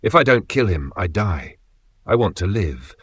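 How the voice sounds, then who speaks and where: A man reading the lines of a selfish, desperate young man in a dark narrated story, tense and shaky. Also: deep voice, very animated, moderate pace, slightly rough, no echo, exaggerated voice.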